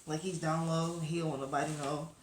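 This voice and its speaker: A woman's voice: sits low, level tone, quick pace, echoey room, slight background noise. A woman reviewing a webcomic episode to camera in a casual, rambling chat full of fillers and asides to her viewers.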